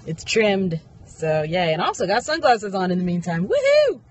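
A young vlogger chats casually about her day, upbeat and talkative, switching to high baby talk when she addresses her dog. Her delivery is expressive and moderately paced.

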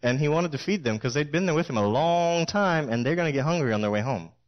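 A middle-aged man preaches in a church, his voice sitting a little high. He tells the stories with animation and drama, jumping into different voices for the quoted lines. He delivers it as a sermon to a congregation. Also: animated, quick pace, dull audio.

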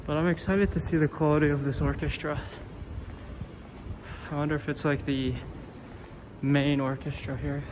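A man's voice: on the high side, level tone, moderate pace, long pauses, dull audio. Young guy kinda out of breath, joking around a museum, lots of background noise. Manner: chatty, wry asides, exclamations. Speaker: vlogger. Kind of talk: casual vlog commentary while walking. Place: campus buildings and museum, indoors.

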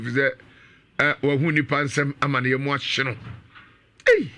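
Bright-voiced Ghanaian male radio host. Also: fairly high pitch, normal speed, long pauses. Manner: lively, reads comments aloud with exclamations. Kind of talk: radio talk show, reading listener comments.

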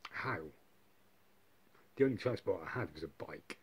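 A man's voice: sits low, lively intonation, normal speed, husky. A man telling a long story to camera, rambling and swearing heavily, with constant tag questions like "yeah" and "right". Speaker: vlogger. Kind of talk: casual monologue.

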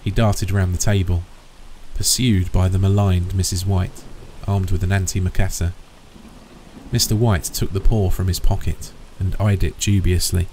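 A man narrating a horror story in a measured, steady way. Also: sits low, a little hiss or hum, rough recording.

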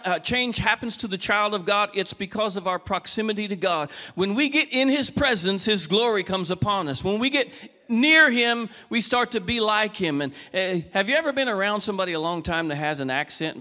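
A man preaching a folksy sermon, asking the congregation questions and moving from quiet, casual talk to raised, urgent calls. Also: high-pitched, long reverb tail. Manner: swings between soft conversational talk and raised, urgent exhortation. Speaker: pastor. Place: church sanctuary.

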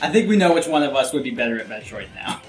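A man's voice: medium pitch, expressive, fast. Laid-back man in a roomy space. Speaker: co-host playing a video game. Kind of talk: casual gaming chat. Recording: roomy with game music behind.

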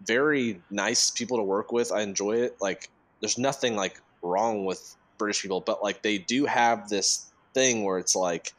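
A man co-hosting a podcast, talking loosely and relaxed with many fillers. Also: on the low side, normal speed. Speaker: podcast co-host. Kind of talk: casual chat.

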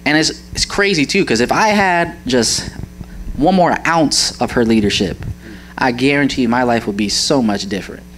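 A man's voice: medium pitch, moderate pace, fairly bright tone, a little hiss or hum, poor audio. A young man giving an earnest church testimony about his mother, often searching for words and laughing as he talks. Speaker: church member sharing a testimony. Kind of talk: heartfelt personal testimony.

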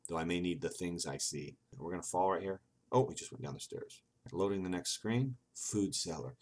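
A low-pitched male gaming video host reads text from an old computer game aloud and reacts with sarcasm, swearing and laughter at the game. There is slight background noise.

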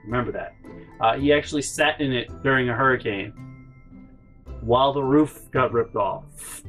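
A man hosting a storytime vlog, rambling and swearing as he tells family anecdotes. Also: mid-range voice. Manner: rambling, profane, animated. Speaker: channel host.

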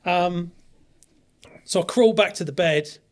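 A man's voice: high-pitched, takes it slowly. A man, a podcast guest rambling through a personal story and acting out what others said, recorded on a studio mic. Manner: rambling anecdote, acts out others' lines. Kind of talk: casual storytelling chat.

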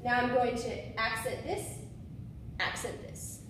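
A woman takes it slowly as she teaches musicians swing phrasing in a casual demonstration, singing syllables and revising her own words. Her voice is a little high and fairly bright, with fairly even intonation. An echoey room with a board and a far-off mic leave a little hiss or hum.

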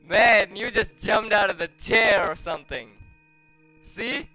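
A man giving jumpy, excitable commentary while playing a horror game, often dropping to hushed, nervous mutters. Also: high voice, slow pace, pauses often, soft background music, low-quality recording. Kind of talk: let's play commentary.

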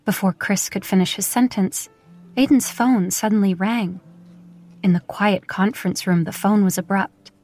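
A woman narrating a romance audiobook in a steady, even storytelling manner. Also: medium pitch, moderate pace, faint music behind. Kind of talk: scripted narration.

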